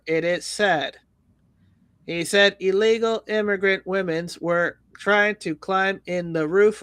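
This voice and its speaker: A man with a voice that sits high and a bit bright hosts a livestream, reading viewer comments and news aloud and roasting them with sarcastic jokes. The tone is clean, with no room sound, in a casual news-roast chat.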